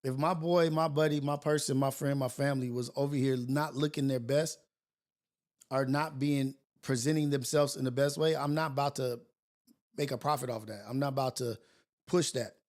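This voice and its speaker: A man's voice: mid-range voice, normal speed. A man hosting a morning livestream show, talking in a casual, slangy way with plenty of swearing. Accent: Californian English. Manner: animated, swearing, slangy, laughing often. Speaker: podcast host.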